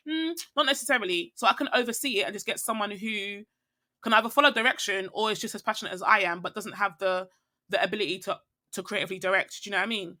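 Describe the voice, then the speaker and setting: Bright-voiced woman talking candidly. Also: medium pitch, fast talker. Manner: rambling, reflective, many fillers and restarts. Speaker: podcast guest. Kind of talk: casual conversation.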